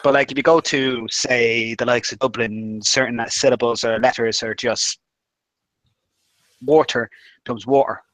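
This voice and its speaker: A man chatting on a livestream, quick and self-deprecating. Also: mid-range voice, level tone, fairly bright tone, low-quality recording. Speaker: stream guest. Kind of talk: casual livestream chat.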